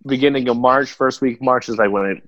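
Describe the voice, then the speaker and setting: A man's voice: medium pitch, fast, a bit bright, dry recording. A man in casual chat among friends who swears freely and repeats himself. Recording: dry, dull lo-fi mic.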